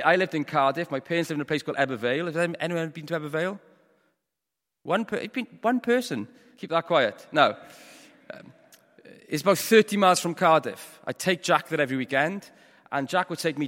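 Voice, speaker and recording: A Welsh man giving a storytelling sermon, moving between hushed, quiet passages and loud, forceful ones. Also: a little high, expressive, brisk, in a large hall. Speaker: preacher. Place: church.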